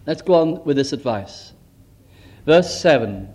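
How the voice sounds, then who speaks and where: A man preaching an evangelistic sermon in a notably high voice. He leans hard on rhetorical questions and swings dramatically from lifted, bright phrases down to low, hushed ones. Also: animated, normal speed. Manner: emphatic, full of rhetorical questions, swooping between high and low.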